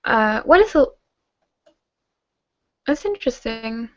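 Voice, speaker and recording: A young German woman, a teacher-training student, hosts a casual Q&A hangout, chatting with lots of fillers and restarts. Her voice is a little high and very animated though slow, and the recording is dry and dull.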